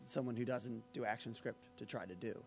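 A man's voice: medium pitch, a little fast, creaky, a little mellow, faint music behind. A man speaking on a discussion panel, hesitant with many fillers.

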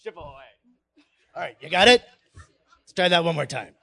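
A man giving a playful live talk on stage, coaxing his audience through pirate-voice warm-ups. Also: on the high side, animated, normal speed, creaky, slightly rough. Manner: hammy pirate-voice delivery, coaxing the crowd. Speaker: conference speaker.

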